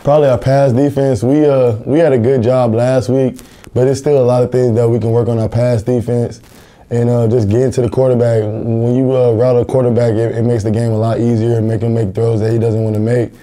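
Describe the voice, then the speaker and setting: A man's voice: medium pitch, flat delivery, fairly quick, warm tone. A young college football player answering interview questions in an earnest, plain-spoken way, often repeating words as he thinks. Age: young adult.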